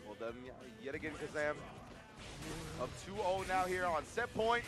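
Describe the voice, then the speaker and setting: Man, esports caster, fighting game commentary, high voice, hype delivery, music behind. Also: moderate pace. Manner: excitable, hype-driven, joking with co-caster.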